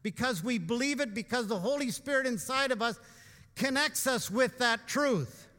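High bright-voiced man preaching. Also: animated, moderate pace, in a large hall. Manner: informal and emphatic, with asides and rhetorical questions. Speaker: pastor. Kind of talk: conversational sermon. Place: church.

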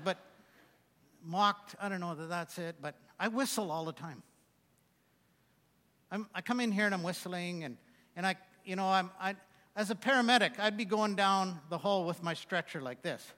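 A man delivers a sermon from the pulpit in a high, bright voice. He breaks up his scripture readings with joking, self-mocking asides. The sound carries a long reverb from the hall. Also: normal speed, long pauses. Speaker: preacher.

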